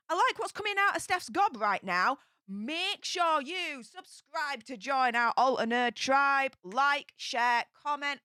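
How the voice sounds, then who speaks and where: A bubbly woman chats on her livestream with a high, bright voice. She greets viewers one after another in a warm, lively flow. The sound is dry and close. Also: no echo. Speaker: livestream host. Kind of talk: casual livestream chat. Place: home studio.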